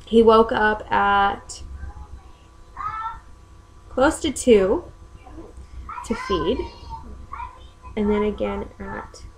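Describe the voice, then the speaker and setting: A woman's voice: mid-range voice, fairly even intonation, drawn-out words, pauses often, a little hiss or hum, poor audio. A young woman and mother, chatting casually at home in a rambling way with many ums. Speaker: mother and vlogger. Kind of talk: casual chat.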